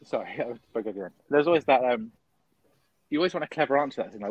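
A man's voice: medium pitch, animated, fast talker, slightly rough, dry recording, narrow, tinny audio. A man guesting on a podcast, telling stories in casual chat with dry humor and acted-out quoted lines.

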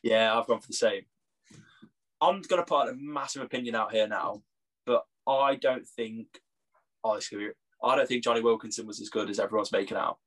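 A man's voice: mid-range voice, fairly quick, fairly bright tone. A young English man co-hosting a casual sports podcast, joking and laughing often. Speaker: podcast co-host. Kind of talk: casual chat.

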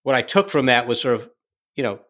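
A man telling stories from his directing days in a casual interview, lively, full of fillers and restarts. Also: medium pitch, brisk. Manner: animated anecdote-telling, acts out quoted lines; frequent fillers and self-restarts.

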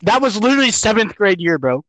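A man's voice: sits high, very animated, fast talker, a bit bright, rough recording. A teenage young man chatting casually with friends as a podcast guest, teasing and joking.

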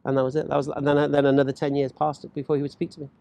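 Brit guy rattling off a family story, quick and a bit high, dry close sound. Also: vocal fry. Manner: animated, acts out quoted voices, laughs while talking. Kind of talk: casual storytelling chat.

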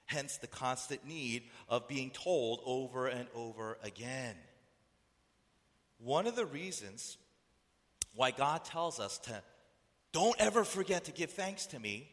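A man's voice: mid-range voice, animated, normal speed, fairly bright tone. A man preaching a sermon who keeps asking the listeners rhetorical questions. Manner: rhetorical questions, acts out voices. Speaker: pastor. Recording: echoey hall reverb.

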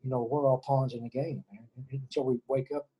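A man's voice: medium pitch, steady tone, brisk, dark tone, breathy edge, rough recording. A middle-aged man from Texas, an interview guest speaking earnestly and emotionally about spirituality, often repeating words and restarting. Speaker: interview guest, former prisoner.

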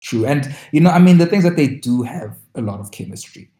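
A co-host chatting in a casual reality-TV recap, exclamatory with quick asides. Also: mid-range voice, lively intonation, dark tone. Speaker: podcast co-host. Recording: echoey room.

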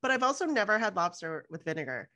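A woman from Houston hosting a podcast, asking questions in relaxed casual talk and laughing easily. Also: medium pitch, quick pace. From Houston, Texas. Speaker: podcast host.

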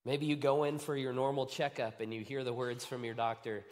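A man preaching a sermon, swinging from hushed, low moments to excited outbursts. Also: brisk. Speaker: pastor.

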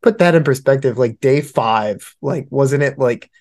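A man's voice: medium pitch, unhurried, a little mellow. A man co-hosting a podcast in casual, profane banter, laughing often as he talks. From United States. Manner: laughs often, swears freely. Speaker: podcast co-host.

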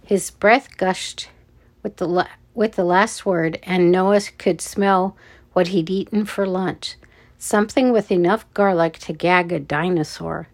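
A woman reading a children's adventure story aloud, with deliberate, measured narration. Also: on the low side.

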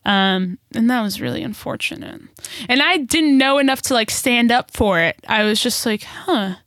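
A young woman in casual conversation, telling stories in an animated way, swearing freely and laughing often. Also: on the high side, normal speed, no room sound, clean studio sound. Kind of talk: casual chat.

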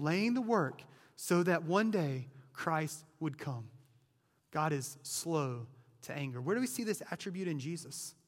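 A man's voice: a little high, big-room sound. A man preaching a sermon as pastor, talking casually, often restarting words and checking in with "right?". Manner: conversational, repeats words, frequent "right?".

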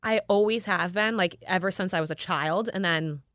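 A woman's voice: lowish voice, a bit bright, no echo, clean studio sound. A woman casually telling a story, laughing and acting out the people in it. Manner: quick, laughing, acts out the people in her story.

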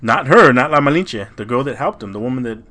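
A man's voice: medium pitch, lively intonation, quick pace, pushed and bright. A man co-hosting a podcast, casually retelling a legend in a loose, profane way, with frequent "you know" and "like". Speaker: podcast co-host. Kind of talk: casual storytelling chat.

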